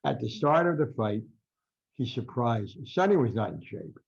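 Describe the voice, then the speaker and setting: An older man with a gravelly, husky voice tells ringside stories with energy. He acts out the voices of the people he quotes. The audio is dull and lo-fi. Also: medium pitch, normal speed. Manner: animated storyteller, acts out quotes loudly. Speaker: guest boxing writer. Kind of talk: storytelling interview.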